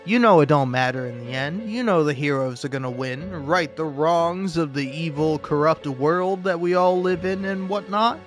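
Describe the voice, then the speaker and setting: A young man with a slightly high voice rambles through game commentary, sarcastic and profane. He stammers as he thinks aloud, with faint game music behind him. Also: normal speed, hardly any pauses. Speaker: gameplay commentator. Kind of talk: casual gameplay commentary.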